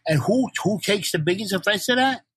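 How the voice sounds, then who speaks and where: An older man from New York in a casual podcast chat, animated and swearing freely as he jokes around. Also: high-pitched, fairly quick, slightly rough, no room sound, low-quality recording. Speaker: guest, punk band frontman.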